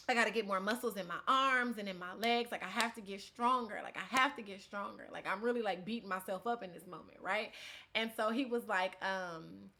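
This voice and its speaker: Lively laughing woman vlogger. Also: mid-range voice. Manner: animated, laughs often, loud bursts. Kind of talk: casual storytelling to camera.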